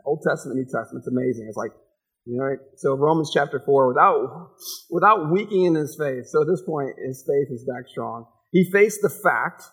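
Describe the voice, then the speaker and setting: A man's voice: on the high side, slightly rough. A man in his forties preaching a casual, conversational sermon, laughing often and acting out the people in the story. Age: 40s. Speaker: pastor.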